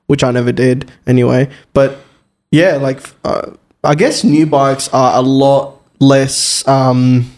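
A man's voice: mid-range voice, steady tone, takes it slowly, darkish tone. A man co-hosting a podcast about motorbikes, chatting casually, swearing freely and acting out anecdotes. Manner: laid-back, swears freely, acts out anecdotes. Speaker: podcast co-host. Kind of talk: casual chat.

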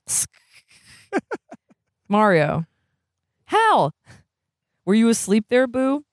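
A reader putting on a gentle wondering teenage boy. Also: medium pitch, wildly swooping pitch, very slow, dry recording, studio quality, voice pushed up, exaggerated voice. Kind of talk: reading a novel's dialogue aloud.

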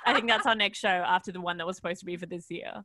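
An Australian woman co-hosting a comedy podcast in casual, animated chat, laughing often and swearing freely. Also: fairly low pitch, rapid-fire. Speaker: podcast co-host; comedy performer.

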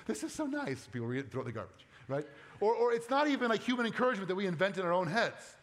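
A male pastor preaching in a church, his voice a bit higher than most men's. He talks earnestly and conversationally, sinking soft and low when he reads scripture. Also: very animated, rapid-fire. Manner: conversational asides with playful quoted voices. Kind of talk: sermon.

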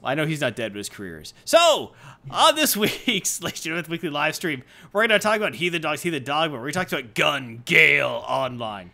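A man's voice: a little high, big pitch swings, quick pace, gravelly, hardly any pauses, sharp tone. A man co-hosting a live-streamed comics and anime show, joking around and telling gags. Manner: jokey, puts on silly voices. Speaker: podcast co-host. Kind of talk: casual comic chat.

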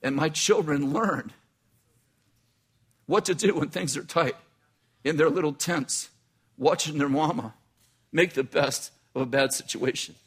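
Middle-aged man, pastor, husky voice, slightly high pitch, conversational storytelling sermon. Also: a little slow, long pauses. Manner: conversational, repeats and restarts phrases.

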